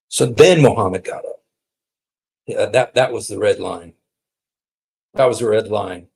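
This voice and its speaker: Male preacher, gravelly and breathy, polemical and sarcastic, loud bursts then quiet asides. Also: lowish voice, slow pace, pauses often. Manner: emphatic and mocking, swings between loud and quiet. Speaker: preacher on a streamed show. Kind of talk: polemical religious talk.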